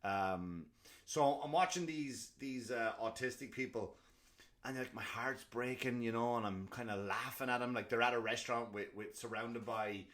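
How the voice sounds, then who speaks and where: A man's voice: mid-range voice, normal speed. Profane rambling man ranting. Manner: profane, rambling, animated storytelling. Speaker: comedy podcast host. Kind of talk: ranting comedic monologue.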